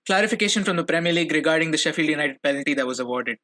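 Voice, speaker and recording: A young man with a bright, slightly high voice hosts his own football fan podcast alone. He rants hard, swears and repeats phrases when he gets worked up. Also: lively intonation, very fast. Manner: ranting, swearing, repeats himself when angry. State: furious. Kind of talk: solo football reaction podcast.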